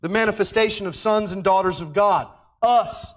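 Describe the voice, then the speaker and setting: Emphatic high-voiced male Bible teacher. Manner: emphatic, swinging between loud declarations and quiet asides; slows down to stress key words.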